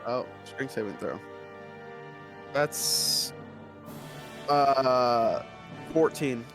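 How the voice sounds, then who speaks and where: A young man playing a tabletop game speaks slowly, stumbling over his dice numbers and correcting himself. His voice sits at a middle pitch over faint background music. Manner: slow, unsure, corrects himself. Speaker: player.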